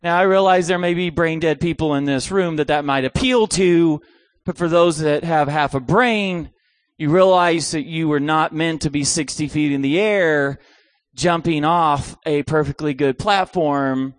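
A middle-aged man preaching a sermon, telling a comic story with animated delivery. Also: a little high, measured pace, no echo, clean studio sound.

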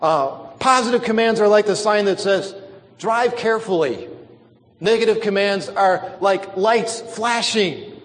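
A man's voice: high voice, unhurried, big-room sound. A man preaching a sermon, stretching out and stressing key words for emphasis.

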